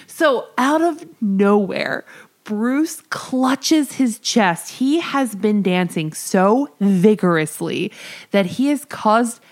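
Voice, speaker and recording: A woman in her thirties co-hosting a casual chat, giggly and animated as she recaps a TV episode. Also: mid-range voice, takes it slowly. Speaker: podcast co-host.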